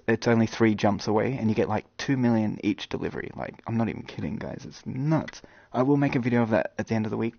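A man streaming games and chatting casually with viewers, rambling and joking with sudden loud outbursts. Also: fairly low pitch, no echo, lo-fi sound. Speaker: gaming streamer. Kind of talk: casual live-stream chat.

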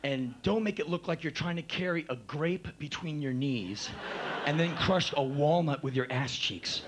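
An exasperated film director talks his actor through the next take in a soft, patient, coaxing voice, put on by a man telling the story. His pitch sits a little high, with a faint hum behind him. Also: animated, moderate pace. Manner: patient coaxing, then scolding.

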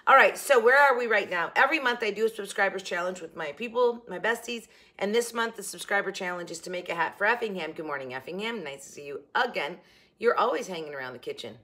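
A middle-aged woman hosting a craft vlog from her kitchen, rambling and animated, correcting herself as she talks. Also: medium pitch, fast. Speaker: crafting channel host. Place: home kitchen.

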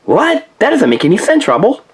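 A man voicing a clever, eager male inventor pup in a toy play-along story, insistent and excited. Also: sits high, fairly quick, a little hiss or hum, voice pushed up.

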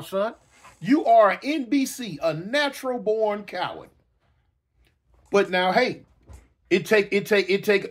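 A middle-aged man telling a story casually, animated and repetitive, with sound effects and hiccups. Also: sits high.

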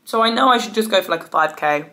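A woman in her twenties talking casually to the camera at home, rambling, animated and swearing freely. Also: medium pitch, fast. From United Kingdom. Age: 20s. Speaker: vlogger. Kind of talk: casual chatty vlog.

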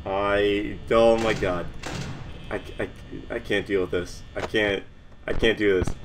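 A man's voice: on the low side, fairly even intonation, unhurried, slight background noise. A nervous young man commentating a horror game, stammering, swearing and shaking with fear. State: shaking with nerves. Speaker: gamer.

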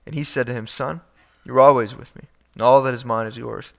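A man's voice: medium pitch, steady tone, a little fast, vocal fry, fairly bright tone. A male pastor preaching a conversational sermon, reading scripture and acting out the quoted speakers, with frequent restarts.

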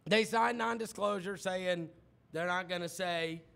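Male sports radio host, high-pitched and animated, casual studio banter. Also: unhurried, creaky. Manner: animated storyteller, mimics others loudly.

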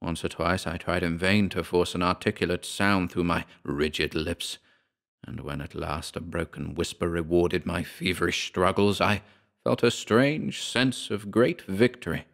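A man narrating a horror story as an audiobook, slow and dramatic, dropping to a hush in the darkest passages. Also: low voice, fairly even intonation, creaky.

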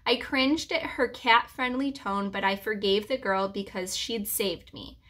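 A preschool teacher reading a chapter book aloud to children in a gentle, reassuring storyteller's manner. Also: female voice, mid-range voice, measured pace.

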